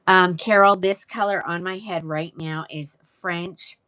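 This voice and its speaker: A woman's voice: on the low side, fairly even intonation, measured pace, bright, forceful tone. A woman hosting a live wig sale, chatting casually and greeting viewers by name. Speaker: live-selling wig seller. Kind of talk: casual livestream sales chat.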